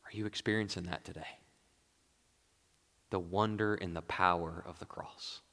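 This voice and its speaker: A male pastor preaching a sermon, moving between hushed, quiet lines and raised, emphatic passages. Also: sits low, fairly even intonation, moderate pace, big-room sound.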